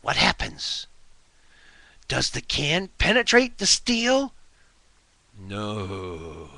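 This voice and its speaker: Gravelly, animated man ranting. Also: high-pitched, no echo. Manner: heated, scornful, rhetorical questions. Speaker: video blogger. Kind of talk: ranting monologue to camera. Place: at home. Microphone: webcam mic.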